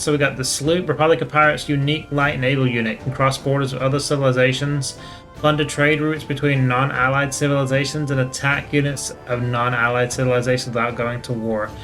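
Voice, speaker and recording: A man hosting a gaming channel, reading game text aloud in an even, matter-of-fact way with casual asides while he plays. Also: medium pitch.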